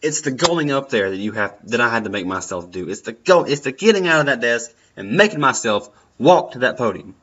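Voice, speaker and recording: A man's voice: mid-range voice, expressive, a little fast, hardly any pauses, a bit bright. A young man giving earnest, encouraging advice in a personal talk, often repeating his phrases. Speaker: vlogger. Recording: dull lo-fi sound.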